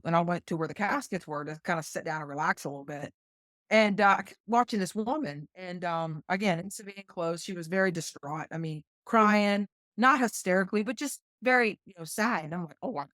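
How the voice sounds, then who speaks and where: A woman's voice: medium pitch, fairly bright tone, no room sound, studio quality. A middle-aged woman from West Virginia, a podcast guest telling an earnest personal story and acting out remembered dialogue. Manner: earnest, acts out her past dialogue. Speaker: guest, retired flight nurse.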